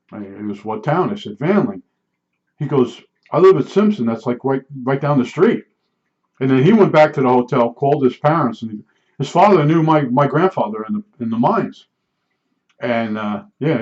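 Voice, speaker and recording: A man's voice: mid-range voice, darkish tone. An older man from New Jersey with a New Jersey accent, telling rambling personal stories in a casual, chatty monologue full of asides. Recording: dull lo-fi sound.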